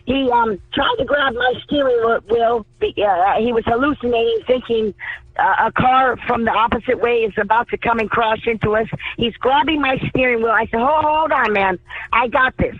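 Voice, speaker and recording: A woman's voice: a little high, normal speed. A woman calling in to a radio show, telling a story emphatically and repeating words for stress. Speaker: caller. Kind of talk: call-in storytelling. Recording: tinny phone line.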